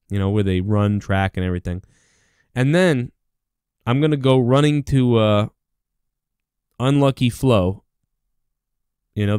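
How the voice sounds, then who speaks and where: A man's voice: mid-range voice, a little mellow, clean tone, dry recording, studio quality. A man hosting his own show, ranting in a rambling, profane comedic monologue. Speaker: show host.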